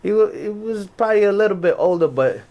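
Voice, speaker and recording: New york guy on a podcast, slangy and lively, keeps restarting his lines. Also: high-pitched, quick pace, lo-fi sound. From Jamaican family. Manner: animated, slangy, restarts often. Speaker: podcast guest, navy veteran. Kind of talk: casual storytelling chat.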